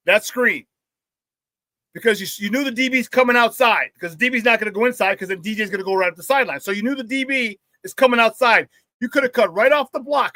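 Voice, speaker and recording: A man's voice: very high voice, bright, forceful tone, no echo. A man hosting a casual sports talk show, brash and profane, trash-talking rivals and laughing often between remarks.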